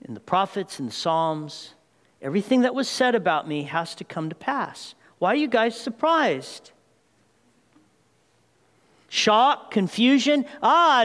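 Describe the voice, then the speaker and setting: A man preaching a sermon as pastor, retelling the story with lively asides and calling the congregation "people.". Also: very high-pitched, big-room sound. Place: church sanctuary.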